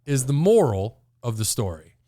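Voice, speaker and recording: A man's voice: mid-range voice, sing-song, moderate pace, mellow. A man co-hosting a casual comedy podcast, dry and wry, arguing his points in easy banter. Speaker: podcast co-host.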